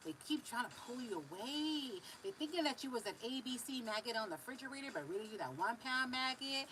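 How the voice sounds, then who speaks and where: A Californian woman giving a live spiritual reading in a loose, animated way, drawing words out, humming and affirming between messages. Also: on the high side, noisy background. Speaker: spiritual reader.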